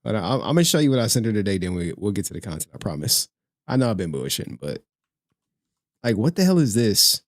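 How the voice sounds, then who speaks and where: A man's voice: on the low side, big pitch swings, quick pace, no echo, clean studio sound. A man hosting a casual livestream, talking to his chat in a slangy, profane way and laughing often. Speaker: streamer host.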